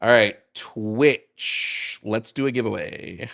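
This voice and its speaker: A man's voice: lowish voice, takes it slowly, vocal fry, fairly bright tone. Male host, casual live-stream patter, easygoing with fillers. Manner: loose and chatty, lots of ums and restarts. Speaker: host of a call-in debate stream.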